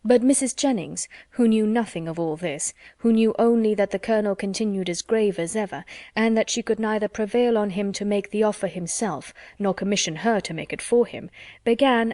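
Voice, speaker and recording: A woman reads a classic novel aloud in a measured, even storytelling manner. Her voice sits at a middle pitch. The sound is close and dry. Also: dry recording. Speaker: audiobook narrator. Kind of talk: classic novel audiobook narration.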